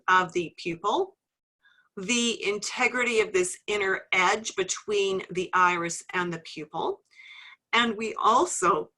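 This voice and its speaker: A middle-aged woman teaching a live webinar as an instructor, friendly and gently teasing, explaining things step by step. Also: mid-range voice. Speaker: iridology instructor.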